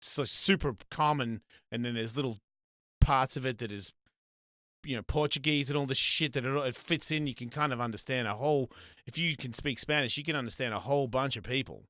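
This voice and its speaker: A man's voice: medium pitch, a little fast, bright, forceful tone, no echo. Rambling Australian man, dry sound. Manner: rambling, profane, lots of restarts. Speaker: host. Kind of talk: casual chat.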